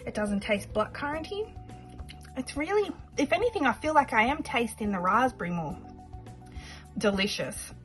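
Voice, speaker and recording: A woman chatting casually to camera in a vlog, rambling a little and pausing often with fillers and second thoughts. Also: fairly high pitch, big pitch swings, a bit bright, faint music behind, poor audio. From Australia. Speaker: budgeting vlogger.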